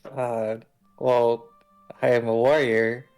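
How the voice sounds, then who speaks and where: A gentle kappa samurai answers politely and with some hesitation, as a man plays him. He speaks slowly, in a mid-range voice. Faint music sits underneath. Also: medium pitch, little pitch movement, smooth, low-quality recording. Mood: mild.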